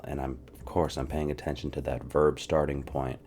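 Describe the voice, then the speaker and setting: Deep-voiced man teaching in a relaxed drill. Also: normal speed, slight background noise. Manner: animated, drills phrases and asks viewers to repeat; clears throat often. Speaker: language teacher. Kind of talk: casual spoken lesson.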